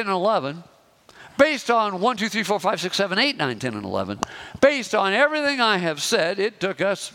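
A man preaching a sermon as pastor, slowing down and pressing hard on key phrases. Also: high voice, sharp tone. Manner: emphatic, slows and rises on key phrases.

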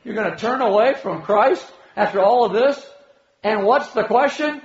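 Echoey, animated man preaching a sermon. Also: moderate pace. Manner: animated preaching, swinging between loud high exclamations and low quiet asides. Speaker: pastor. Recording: echoey hall, dull lo-fi sound.

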